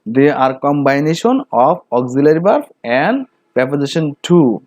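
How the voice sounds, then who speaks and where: A man with a Bengali accent teaching English grammar, reading out each example sentence slowly and saying it again. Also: fairly high pitch, animated, darkish tone, dry recording, highs cut off. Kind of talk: slow grammar lesson with repeated examples.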